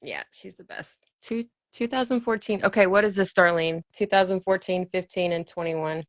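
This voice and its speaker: A woman in her thirties hosting a podcast in a casual chat, quick and chatty and laughing often. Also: fairly low pitch, no room sound, dull audio. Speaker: podcast host.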